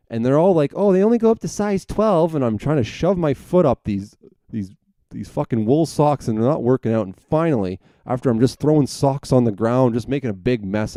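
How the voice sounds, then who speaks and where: A young man rambling through a story as a podcast host, swearing freely and correcting himself mid-sentence. His voice sits low and mellow, and it comes across smooth and resonant. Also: dry recording. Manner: rambling, profane, full of self-corrections. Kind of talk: casual storytelling monologue.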